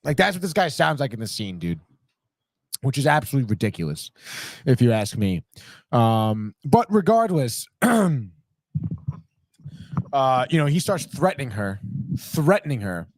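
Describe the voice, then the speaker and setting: A man hosting a podcast, giving a rambling, profane, animated recap of a TV episode and dropping into quick impressions. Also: mid-range voice, dry recording, clean studio sound. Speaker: podcast host. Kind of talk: casual recap chat.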